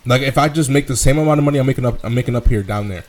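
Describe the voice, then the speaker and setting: A man's voice: mid-range voice, very fast, a little mellow. A man chatting casually as a podcast co-host, rambling with lots of fillers and swearing. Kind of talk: casual chat.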